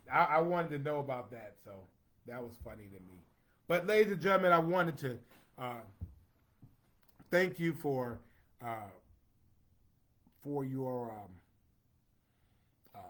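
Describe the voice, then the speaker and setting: Chatty man reading comments. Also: a little high. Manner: chatty, playful, reads out names. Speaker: host reading viewer comments. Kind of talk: casual livestream chat.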